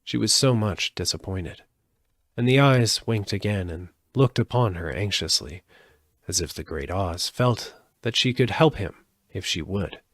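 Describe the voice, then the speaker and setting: A man reading a storybook aloud live, expressive, with occasional slips and restarts. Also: low voice, unhurried, dry recording, clean studio sound. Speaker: audiobook reader.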